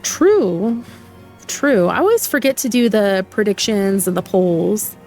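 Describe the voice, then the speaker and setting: A woman's voice: medium pitch, animated, moderate pace, darkish tone, faint music behind. A young woman streaming a game, chatting casually and reading the dialogue aloud, laughing often.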